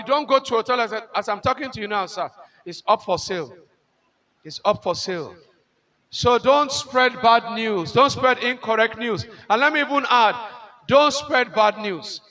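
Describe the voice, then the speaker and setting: A man with a Nigerian accent giving a motivational lecture to nurses at a conference, emphatic and repetitive, slowing down on key lines and asking the audience rhetorical questions. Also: extremely high pitch, bright, forceful tone, dull audio.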